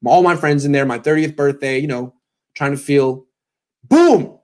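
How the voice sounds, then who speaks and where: A man's voice: medium pitch, moderate pace, darkish tone. A man in his thirties, a sports blogger hosting a casual pregame show, telling stories with sarcastic asides and mock voices. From California.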